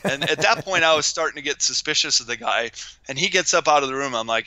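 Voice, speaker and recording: A man tells stories as a guest on a talk show, gregarious and quick to act out the people in them. His voice is very bright and smooth, and the sound is dry and close. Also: on the high side, no room sound, rough recording. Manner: gregarious, animated, acts out quoted voices. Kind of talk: casual storytelling chat.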